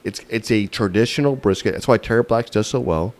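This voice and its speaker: A man's voice: fairly low pitch, brisk, a little mellow. A man with a Texan accent, co-hosting a barbecue podcast, joking around and acting out little scenes. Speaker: podcast co-host. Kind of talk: casual chat.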